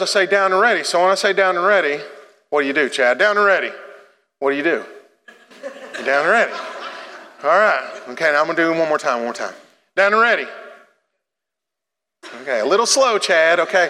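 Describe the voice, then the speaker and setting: A man's voice: sits high, pushed and bright, big-room sound, a little hiss or hum. A man preaching a sermon to his congregation, joking and coaching people through a demonstration in a church sanctuary. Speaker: pastor.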